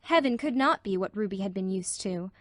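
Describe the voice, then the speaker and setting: A woman narrating a classic novel as an audiobook in measured, even storytelling. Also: medium pitch, no room sound, clean studio sound. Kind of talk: scripted narration.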